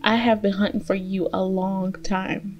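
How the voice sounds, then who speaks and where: A woman's voice: medium pitch, flat delivery, measured pace, darkish tone, muffled recording, close to an everyday voice. A woman voicing a grown male huntsman in a read-aloud fairy tale, firm and determined.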